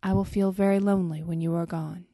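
Lonely old tree, soft and hushed, voiced by a woman with warm, dry tone. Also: on the low side, fairly even intonation, fast, no room sound. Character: old sad male tree, lonely and gentle.

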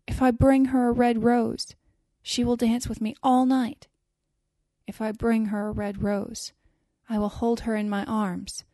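Lovesick young student, wistful and longing, voiced by a woman in a warm, dry tone. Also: on the high side, no echo.

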